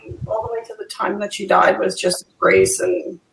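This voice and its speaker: A woman chatting casually on a video call, quick to laugh. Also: medium pitch, fairly even intonation, vocal fry, echoey room, low-quality recording.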